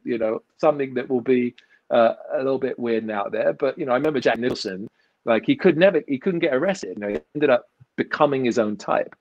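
A man's voice: mid-range voice, fast talker, dry recording. A man, an actor and magician, chatting as an interview guest over a video call and telling rambling, self-mocking stories with lots of restarts. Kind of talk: casual interview storytelling. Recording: dull lo-fi video call audio.

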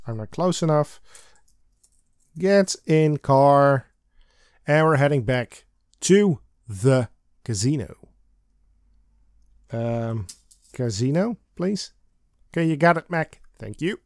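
Slow, chatty let's play man. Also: medium pitch, expressive, no echo, clean studio sound. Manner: chatty, giggly, hums and sings snippets. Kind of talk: game commentary and text reading.

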